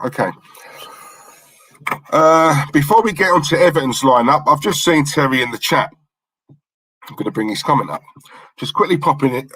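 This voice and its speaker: A man's voice: on the high side, fairly bright tone, husky, no echo, poor audio. A man hosting a live football watchalong, chatting with viewers and reading out team lineups in a casual, bantering way. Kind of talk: casual live-stream chat.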